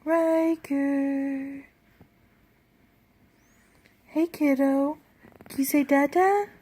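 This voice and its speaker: A woman's voice: high voice, fairly even intonation, very slow, mellow. A woman filming her baby at home, coaxing him in sing-song baby talk. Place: at home indoors.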